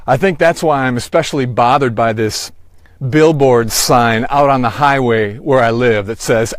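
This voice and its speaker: A man giving a sermon, slow and deliberate, rising on emphatic phrases. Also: mid-range voice, no room sound, studio quality. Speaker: pastor.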